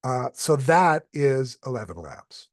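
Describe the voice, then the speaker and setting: A man presenting a step-by-step software tutorial, explaining calmly with occasional fillers. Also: mid-range voice, takes it slowly, dry recording, clean studio sound.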